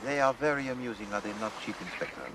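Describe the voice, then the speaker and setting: An actor playing a vain, fastidious middle-aged Belgian detective with a Belgian French accent, speaking precisely and a little pompously in a period TV drama. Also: male voice, mid-range voice, background noise, lightly acted. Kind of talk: 1980s-90s TV period drama acting. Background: background score.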